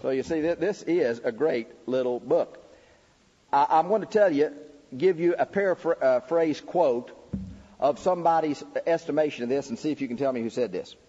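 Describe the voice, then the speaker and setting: A man's voice: moderate pace, dark tone. Emphatic male preacher in a reverberant hall. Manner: emphatic, pitch rising sharply on key words. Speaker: preacher teaching a lecture series. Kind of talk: sermon-style lecture. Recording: dull recording with long hall reverb.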